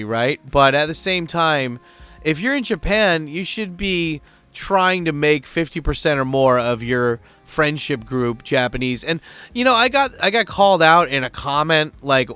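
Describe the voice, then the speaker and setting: A man's voice: fairly high pitch, animated, normal speed, pushed and bright, clean tone, dry recording, soft background music. A man living abroad, telling a story in a casual vlog rant, rambling and swearing freely. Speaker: vlogger living in Japan.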